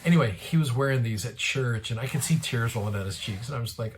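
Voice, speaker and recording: A man's voice: mid-range voice, fast talker, few pauses, slight background noise. Earnest guy hosting a scripture show, tells his story and bumps his voice up for quotes. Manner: earnest, retells dialogue with a lifted voice. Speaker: host of a daily scripture show. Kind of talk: devotional storytelling.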